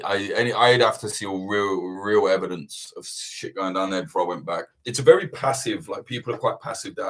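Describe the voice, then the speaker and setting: A young adult man from England, a journalist hosting a livestream Q&A, telling a long sweary anecdote full of fillers and laughs. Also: fairly low pitch. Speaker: journalist and channel host. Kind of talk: casual livestream Q&A storytelling.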